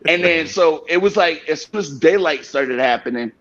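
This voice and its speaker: A man's voice: on the high side, animated, normal speed, background noise. A man hosting a casual podcast, telling a story full of profanity, often laughing and acting out other people's voices. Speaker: podcast host. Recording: slightly dull lo-fi sound.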